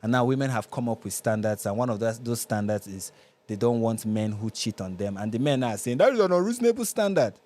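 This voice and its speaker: A man's voice: on the low side, steady tone, a little fast, darkish tone. A Nigerian man hosting a live reaction show, commenting with sarcasm and exasperation.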